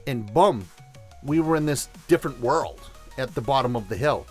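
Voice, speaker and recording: A man's voice: medium pitch, lively intonation, moderate pace, soft background music. A man hosting a show, telling a story and giving tips in an enthusiastic, conversational way. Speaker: host. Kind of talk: casual storytelling and instruction.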